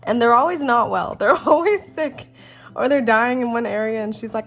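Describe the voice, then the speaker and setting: A woman's voice: fairly high pitch, lively intonation, normal speed. A young woman chatting casually while she shows her sketchbook, often breaking into embarrassed giggles and rambling asides. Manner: giggly, self-conscious, rambling. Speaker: artist vlogger. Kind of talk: casual sketchbook tour chat.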